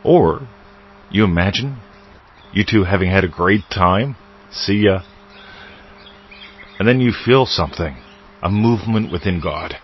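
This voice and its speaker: A man's voice: low voice, expressive, measured pace, pauses often, highs cut off, a little hiss or hum. A man hosting a podcast, teaching in a loose, playful way with wordplay and asides. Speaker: podcast host. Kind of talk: casual spiritual teaching monologue.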